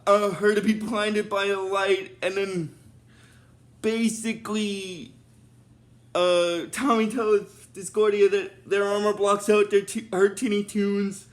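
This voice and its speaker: A man with a high voice walks through a TV episode in a casual, rambling recap. He strings events together with frequent fillers and "and then". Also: level tone, slow pace. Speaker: show recap host.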